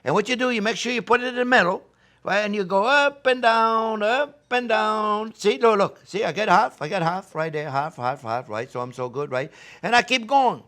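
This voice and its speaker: A man's voice: sits high, expressive, a little fast, a bit bright. An older man hosting a cooking demonstration, enthusiastic and coaxing, talking straight to viewers as his friends. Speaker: chef and cooking show host.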